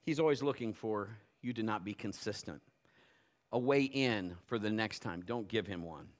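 Preaching at a normal pace in a lowish voice, this middle-aged pastor shares homespun anecdotes from his own life. He swings from hushed side remarks to forceful, loud emphasis.

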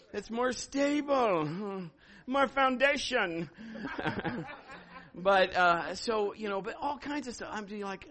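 Animated high-voiced male pastor preaching. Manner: animated, laughing, acting out quotes. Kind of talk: lively storytelling sermon.

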